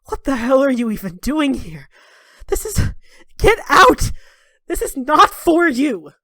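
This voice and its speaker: A woman's voice: fairly high pitch, expressive, normal speed, darkish tone, no echo, voice pushed up. A woman voicing a grieving male dwarf in a tabletop game, pleading and snapping angrily, in a dry room. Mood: angry.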